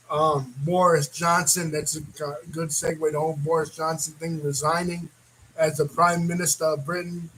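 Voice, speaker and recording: A man hosting a reaction video, talking in a rambling, animated way and laughing often. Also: fairly high pitch, slight background noise, rough recording. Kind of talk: casual reaction commentary.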